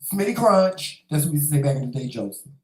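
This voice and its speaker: A man's voice: on the high side, very animated, fast talker, echoey room, low-quality recording. A man hosting a casual livestream talk show, delivering a sassy, profane, preachy monologue and calling listeners "child" and "honey". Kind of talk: casual monologue to a live chat.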